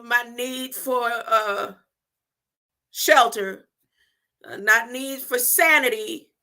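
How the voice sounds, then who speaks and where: A woman hosts a spiritual livestream in a drawn-out, very slow delivery. Her voice is bright and forceful. She laughs often and leans on repeated words. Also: on the high side. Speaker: livestream host. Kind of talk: spiritual livestream talk with affirmations.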